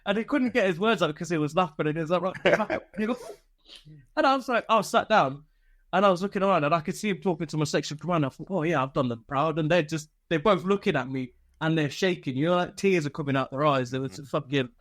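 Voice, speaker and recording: A fast-talking man from the United Kingdom, his voice on the high side and a bit bright, appears as a podcast guest. An army veteran, he spins casual stories with lots of swearing and laughing.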